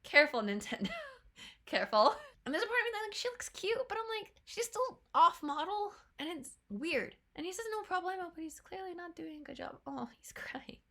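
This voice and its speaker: Bright-voiced chatty woman reacting. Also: very high voice, creaky. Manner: chatty, laughs often, slips into quick playful voices for characters. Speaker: trailer reaction host. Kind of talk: casual reaction commentary.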